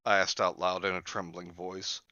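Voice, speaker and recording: A man's voice: deep voice, little pitch movement, normal speed, sharp tone, no room sound, muffled recording. A man hosting a reading of a horror story aloud, mixing the narration with jokey asides. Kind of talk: storybook reading mixed with joking commentary.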